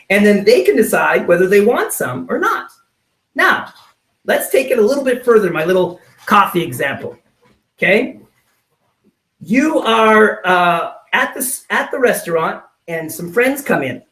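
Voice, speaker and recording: A man giving a motivational sales training talk, acting out little scenes and checking in with "right?" from his home office. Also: sits high. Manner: animated, acts out little scenes, keeps asking "right?". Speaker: network marketing trainer. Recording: roomy sound, mic at a distance.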